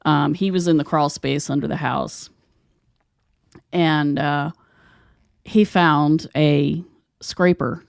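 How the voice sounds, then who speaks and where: Low gravelly-voiced woman host. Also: steady tone, takes it slowly, pauses often, no echo, clean studio sound. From West Virginia. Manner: rambling, chatty storytelling. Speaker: podcast host. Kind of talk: casual conversation.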